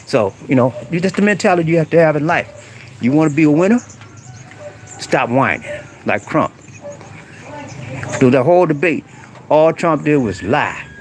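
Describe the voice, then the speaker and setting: This middle-aged man streams live from a rural outdoor spot, speaking in a somewhat high, animated voice at normal speed with long pauses. His casual chat is preachy and blunt, full of slang aimed straight at viewers. A little hiss or hum runs underneath.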